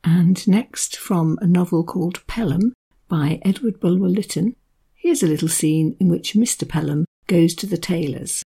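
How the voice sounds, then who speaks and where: A woman with a gravelly, husky voice presents a book and reads short passages from it. Her tone is dark and mellow. She explains things in a relaxed, conversational way. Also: lowish voice, normal speed. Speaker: book reviewer. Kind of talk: book review with read extracts.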